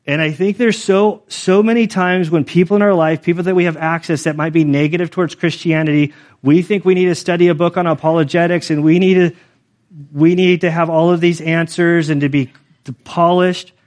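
A man in middle age preaching in a relaxed, storytelling way. His voice sits a little higher than most men's, and he talks like he's chatting with friends, leaning on "like" and quick asides. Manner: casual, conversational, many fillers like "like". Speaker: pastor. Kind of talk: storytelling sermon.

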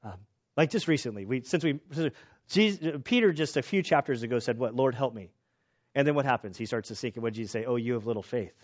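A man preaching a sermon in a casual, animated way, joking about himself and often restarting his sentences. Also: mid-range voice, quick pace. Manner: casual, animated, self-deprecating jokes, many restarts. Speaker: pastor. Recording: slightly dull lo-fi sound.

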